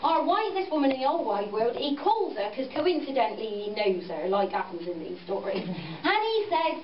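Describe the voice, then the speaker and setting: Expressive and a little high in pitch, a woman playfully coaxes children through a story, peppering it with tag questions at a moderate pace. She's in a roomy farm venue, and the recording comes across distant, echoey, and dull, with noise behind her.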